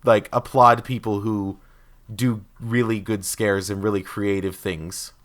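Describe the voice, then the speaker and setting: A man's voice: lowish voice, little pitch movement, a little slow, fairly bright tone. A man co-hosting a casual podcast who talks emphatically and opinionatedly, stacking up his points and acting out quotes in exaggerated voices. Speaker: podcast co-host. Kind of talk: casual chat.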